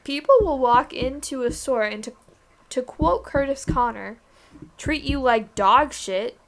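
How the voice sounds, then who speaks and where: A woman's voice: sits high, a little slow, creaky. A young woman co-hosting a podcast, talking candidly and casually about work, swearing now and then. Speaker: podcast co-host. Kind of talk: casual chat.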